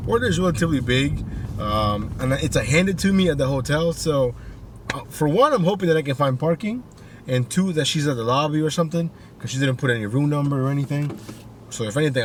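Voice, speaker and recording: An upbeat man talks casually to his viewers while driving, his voice pitched in an ordinary middle range. He rambles in a friendly way, padding his sentences with "you know" and "like". A faint hum of traffic sits behind him. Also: far from the mic. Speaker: delivery driver vlogger. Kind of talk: casual vlog commentary. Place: inside a car while driving.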